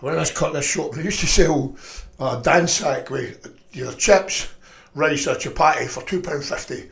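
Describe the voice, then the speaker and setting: A middle-aged man telling stories in a profane, rambling, animated way. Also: a little high, normal speed, gravelly, roomy sound. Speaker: podcast guest. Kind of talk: casual storytelling chat.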